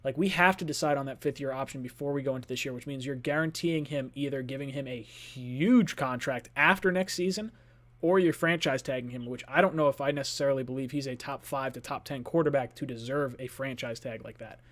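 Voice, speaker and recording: A man's voice: medium pitch, a little fast, a bit bright. A man hosting a sports fan call-in show, talking loosely and chattily with lots of filler words. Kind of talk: casual sports talk.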